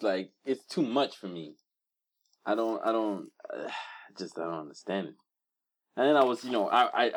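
A young man co-hosting a casual podcast chat, telling stories in an animated way and acting out voices. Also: low-pitched. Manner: animated storyteller, acts out screams and voices. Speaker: podcast co-host.

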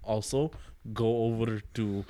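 A man's voice: on the low side, fairly even intonation, unhurried, dark tone, slight background noise. A man hosting a casual podcast, loose and profane, often laughing as he signs off. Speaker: podcast host.

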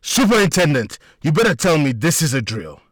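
Man putting on a shrill screaming official. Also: huge pitch swings, normal speed, fairly bright tone, no room sound, studio quality, exaggerated voice. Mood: furious. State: hoarse. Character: furious blustering male city official.

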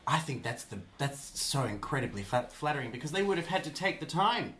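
A man's voice: medium pitch, sing-song, brisk, a crowd in the background. A man from Australia with an Australian accent, co-hosting a podcast in a chatty, joking way. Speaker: podcast co-host. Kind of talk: casual podcast chat. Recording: roomy with faint background noise.

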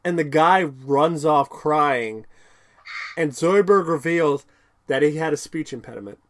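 An unhurried man with a voice on the high side co-hosts a podcast. He rambles through a relaxed episode recap, laughing and using many fillers, with sudden excited bursts of character quotes.

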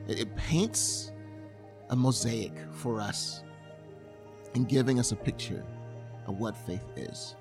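A man preaching a sermon, retelling a scripture story with earnest, vivid storytelling and acting out the scene. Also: medium pitch. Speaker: pastor.

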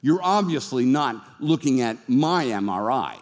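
A man's voice: mid-range voice, expressive, a little slow, natural voice. A man voicing a reluctant, complaining Gideon who pleads in casual modern slang, with long hall reverb. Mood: pleading, exasperated.

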